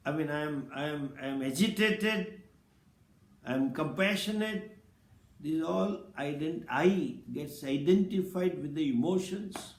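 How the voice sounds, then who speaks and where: A man giving a scripture lecture as a spiritual teacher, speaking slowly and deliberately and explaining Sanskrit terms. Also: fairly high pitch, reverberant.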